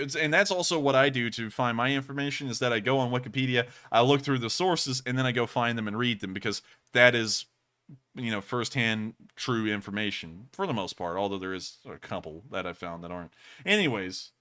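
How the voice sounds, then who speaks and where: A man hosts a casual livestream, reading and answering viewer donations. His voice is bright and forward, and he talks in an excitable, rambling way, full of fillers and restarts. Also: mid-range voice.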